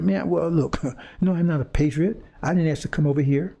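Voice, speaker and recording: Fairly high-pitched and mellow, with vocal fry, this preacher talks at normal speed with fairly even intonation. His monologue to the audience is impassioned and confrontational; he repeats phrases and stumbles, restarting when searching for words.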